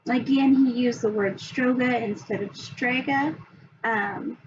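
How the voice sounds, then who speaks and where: Slow, hesitant woman presenting. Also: fairly high pitch. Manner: slow, hesitant, many ums. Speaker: student presenter. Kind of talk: explaining a reading assessment. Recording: dull lo-fi sound, faint background hum.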